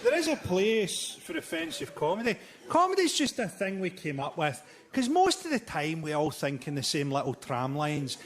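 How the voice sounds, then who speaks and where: A man doing live stand-up comedy, with a deadpan, dark, sardonic delivery and mocking impressions. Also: a little high, moderate pace. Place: theatre stage before a laughing audience. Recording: live theatre recording with loud crowd noise.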